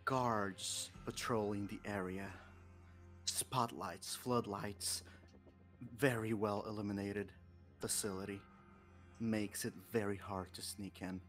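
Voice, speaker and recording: A man narrating as game master of a tabletop game, setting scenes in a measured, unhurried way. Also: lowish voice, steady tone, fairly bright tone, soft background music.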